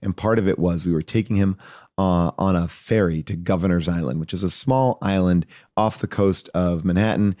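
Male comedian guest, low-pitched, dry close sound, loose rambling anecdote style. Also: normal speed, no room sound. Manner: animated, acts out voices in his anecdotes; loose and rambling, many fillers and restarts. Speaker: podcast guest, actor and comedian. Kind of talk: casual storytelling chat.

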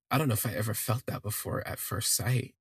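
A man's voice: lowish voice, husky, dry recording, studio quality. A man telling a personal story on a podcast, rambling and correcting himself as he gushes. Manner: rambling, self-correcting, gushing.

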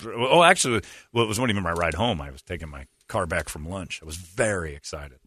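A man hosting a radio show, telling a self-mocking story in casual chat, animated and quick to laugh. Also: deep voice, slightly rough.

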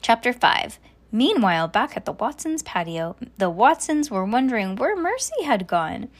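An animated mom reading a storybook aloud. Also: female voice, a little high, moderate pace. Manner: animated, affectionate, chatty asides. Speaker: mother reading to her daughter. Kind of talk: reading a children's book aloud.

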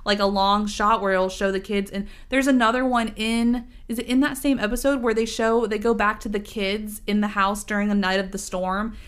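A woman's voice: medium pitch, normal speed, hardly any pauses, clear, resonant tone. A woman hosting a casual chat, telling stories animatedly with lots of fillers. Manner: animated storyteller, many fillers.

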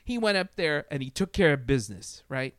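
A man talking loosely in a casual podcast chat, swearing freely and stumbling over fillers and restarts. His voice sits a little high and sounds smooth and clean. The mic is close and the room is dry. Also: fairly quick, no room sound. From Latin America. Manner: profane, animated, many fillers and restarts.

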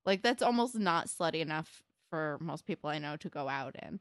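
Animated young woman recapping a show, swearing. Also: low voice, normal speed, no room sound, studio quality. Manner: animated, swears a lot, many likes. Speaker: podcast co-host. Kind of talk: casual TV recap chat.

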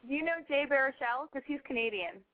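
A woman's voice: high-pitched, lively intonation, brisk, a little hiss or hum. Blunt joking woman host, phone-like sound. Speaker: host taking calls. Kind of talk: casual call-in chat.

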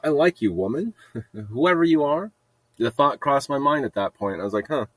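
A man's voice: medium pitch, animated, moderate pace, fairly bright tone, no echo. A middle-aged man telling a story in a rambling casual monologue, repeating himself and laughing at his own jokes. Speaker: podcast host telling a story.

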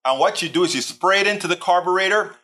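A man's voice: high voice, quick pace, sharp tone. Chatty man hosting a live stream. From Texas. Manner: chatty, rambling, reads out viewer comments. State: tired, sore back. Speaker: livestream host. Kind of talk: casual live-stream chat.

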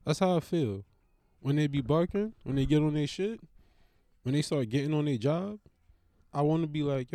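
A man's voice: a little high, animated, moderate pace, long pauses, warm tone, dry recording, studio quality. A man hosting a podcast, rambling in a casual solo monologue with slangy, profane storytelling and repeated phrases. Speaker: podcast host.

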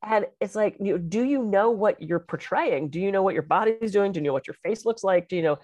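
A woman talking as a podcast co-host and speaker, animated and expressive as she tells stories in casual chat. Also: mid-range voice, fairly quick, dry recording.

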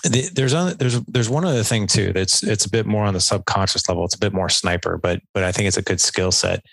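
A man's voice: on the low side, quick pace, creaky, fairly bright tone, breathy edge, no room sound, low-quality recording. A middle-aged man, a podcast guest, earnestly explaining communication skills in a conversational interview, acting out example dialogue. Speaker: podcast guest, dad coach.

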